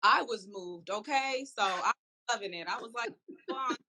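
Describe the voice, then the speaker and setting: A woman's voice: medium pitch, animated, moderate pace, bright, forceful tone, husky. A woman from Seattle who is an herbalist and doula, a guest on a live online interview, upbeat and direct. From Seattle, Washington.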